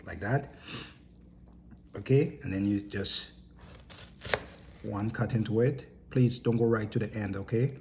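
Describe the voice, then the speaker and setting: A lowish-voiced man walks viewers through a home kitchen task in a loose, chatty way. He keeps checking in with his audience as he goes. A faint hiss sits under the recording. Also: unhurried, pauses often. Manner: chatty, instructive, tags lines with "okay?" and "right?". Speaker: home cooking instructor. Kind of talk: casual cooking demonstration.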